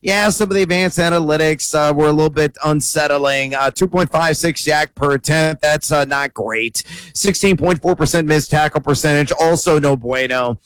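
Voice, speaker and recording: A man breaking down fantasy football picks, rattling off numbers at a brisk clip. His voice sits a bit high for a man. The sound is dry and close, with no room around it. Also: fairly bright tone, smooth, no echo. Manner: quick, numbers-packed delivery with fillers. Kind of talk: stat-heavy sports analysis.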